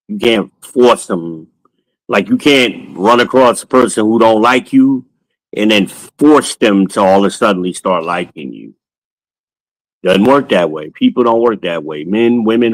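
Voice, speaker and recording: A man's voice: fairly low pitch, measured pace, low-quality recording. A podcast host talks casually to viewers while walking through his home, boastful and joking, swearing freely.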